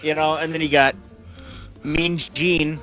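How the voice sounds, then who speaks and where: High-voiced excitable male co-host. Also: slow pace, soft background music. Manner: excitable, swears, says "bro" and "dude". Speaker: podcast co-host. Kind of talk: casual chat.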